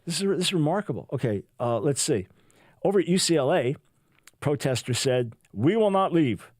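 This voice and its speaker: A man's voice: a little high, moderate pace, dry recording, studio quality. Sarcastic male talk radio host. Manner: sarcastic, mocking, animated. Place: radio studio. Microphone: studio microphone.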